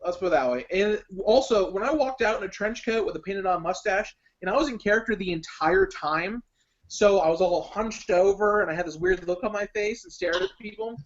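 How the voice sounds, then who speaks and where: A young man, a guest on an online chat show, telling a story in a casual, animated way. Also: sits high, brisk. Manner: animated storyteller, breaks into laughs. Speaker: guest contestant. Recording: dull lo-fi web stream audio.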